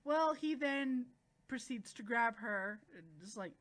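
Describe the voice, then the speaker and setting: A woman chattily recapping manga chapters, animated and acting out the characters' lines as she goes. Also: a little high, takes it slowly. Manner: chatty, animated, acts out quotes. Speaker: manga reviewer.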